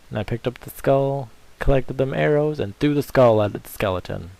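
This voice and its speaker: A man's voice: medium pitch, lively intonation, brisk, gravelly, hardly any pauses, darkish tone. A man giving rambling, crude, joking commentary over his video game playthrough. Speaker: gameplay commentator. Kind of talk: casual let's-play commentary.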